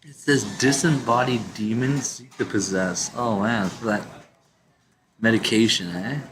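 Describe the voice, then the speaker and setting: Swearing frequently and trailing off into laughter, a man gives incredulous, rambling reaction commentary on videos in a casual way. His lowish voice is unhurried, and the recording is rough.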